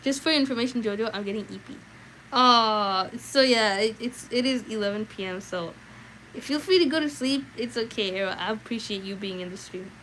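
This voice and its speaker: A young adult woman streaming a read-aloud, chatting casually with viewers in an animated, filler-heavy way. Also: a little high, brisk, a little hiss or hum, low-quality recording.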